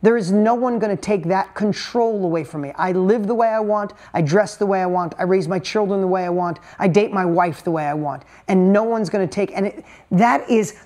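A man's voice: high voice, brisk, few pauses, a little mellow. A middle-aged man giving an emotional, emphatic motivational talk, telling a personal story and repeating words for punch. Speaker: motivational speaker.

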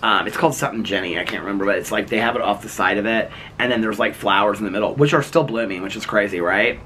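A man's voice: lowish voice, quick pace, sharp tone, a little hiss or hum. A man chatting playfully to his viewers while vlogging outdoors at home in the evening, rambling and laughing as he talks. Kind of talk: casual chat to camera.

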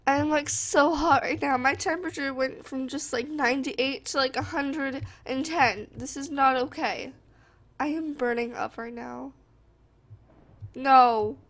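A young woman narrates her horror game run, high in pitch and bright in tone. She talks at an unhurried pace and often breaks into gasps and cries of fright. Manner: jumpy, screams and gasps often. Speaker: gamer. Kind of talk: horror game let's play.

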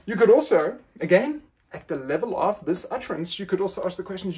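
A male lecturer explaining ideas in an academic style. His pitch moves a lot and keeps the delivery lively. He plays with the phrasing, turning quoted statements into rising questions. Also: brisk, slightly rough.

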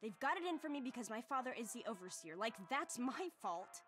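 A woman's voice: a little high, very animated, a little fast, a bit bright, faint music behind. An actress playing a fed-up teenage girl in a video game, complaining about bullies. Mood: exasperated. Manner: exasperated, complaining.

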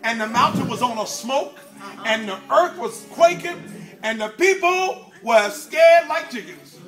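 Male preacher, high and bright, fiery call-and-response delivery. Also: animated, unhurried, faint music behind. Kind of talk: sermon.

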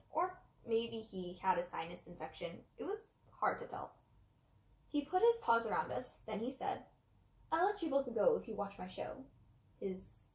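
Expressive woman reading a kids' book. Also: fairly high pitch. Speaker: reader. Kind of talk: reading a children's book aloud. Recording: roomy echo.

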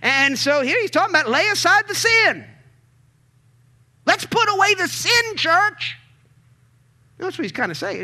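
A man preaching a sermon as pastor, calling out to the congregation and building to emphatic shouts. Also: very high-pitched, sing-song, quick pace. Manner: call-and-response preaching, swells to emphatic shouts.

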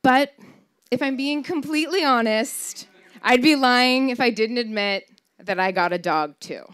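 A woman's voice: a little high, measured pace, fairly bright tone, clean tone. A woman in her thirties telling a true personal story on stage, wry and candid, swearing for comic punch. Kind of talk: live personal storytelling performance.

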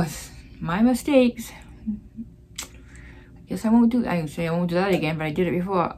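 A woman's voice: fairly low pitch, animated, normal speed, long pauses, a little mellow. A woman hosting a casual crafting vlog, chatty and rambling, with plenty of fillers as she talks. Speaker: crafting channel host.

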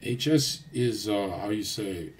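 A man's voice: lowish voice, slow, a little hiss or hum. A man livestreaming a casual rant, crude and boastful, swearing often and rambling loosely with restarts. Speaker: streamer.

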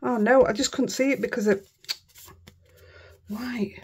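Chatting as she makes cards, a Yorkshire woman teases herself and mutters under her breath now and again. Her voice is fairly high, husky, and unhurried, with fairly even intonation.

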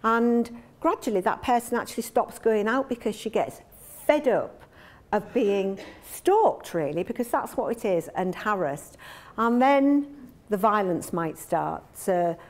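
Woman, abuse trainer addressing a room, earnest explanatory delivery, mid-pitched voice. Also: expressive, measured pace, a little mellow. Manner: earnest, explanatory, acts out quoted dialogue. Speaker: domestic abuse trainer and speaker. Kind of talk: training talk to an audience.

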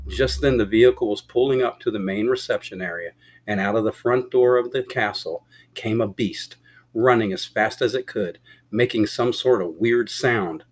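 A man narrating a short love story as an audiobook, in a steady, plain reading voice. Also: lowish voice, normal speed.

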